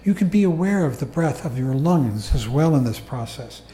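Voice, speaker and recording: Calm man teaching meditation, mellow tone. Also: fairly high pitch, a little hiss or hum. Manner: calm, unhurried, explanatory. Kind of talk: dharma talk to a meditation group. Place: meditation hall. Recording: echoey room recording.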